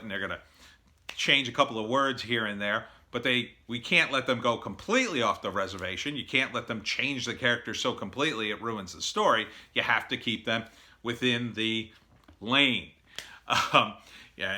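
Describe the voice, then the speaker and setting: A middle-aged man gives screenwriting advice in a casual, blunt monologue, his ordinary-pitched voice sounding very bright and forceful. Opinionated and full of fillers, he acts out what other people said.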